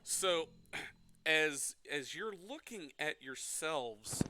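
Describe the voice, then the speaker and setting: A man runs a tabletop game, narrating the scene at a slow, deliberate pace. His pitch swings widely as he describes things, and his voice is very bright and forceful. He keeps the talk unhurried and animated. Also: clear, resonant tone. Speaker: game master.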